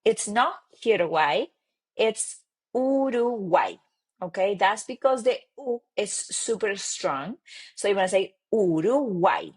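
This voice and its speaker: A Spanish teacher from Argentina, a woman with an Argentine Spanish accent, giving an online lesson and repeating words slowly and clearly for learners. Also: medium pitch, expressive.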